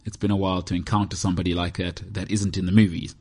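A man's voice: low voice, level tone, very fast, darkish tone, husky. A man hosting his own podcast, talking in a rambling, self-mocking, joking way as he chats on his own. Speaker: podcast host. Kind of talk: casual solo podcast monologue. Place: indoors, heated room.

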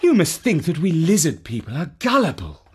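A woman voicing a cross, condescending lizard lady who speaks slowly and dismissively. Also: sits low, huge pitch swings, a little mellow, husky, heavily acted. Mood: haughty.

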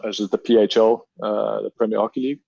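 Low flat-voiced man, measured and reflective. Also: gravelly, husky, dry recording, muffled recording. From South Africa. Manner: measured, reflective, many ums and restarts. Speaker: field hockey player, interview guest. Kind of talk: casual interview conversation.

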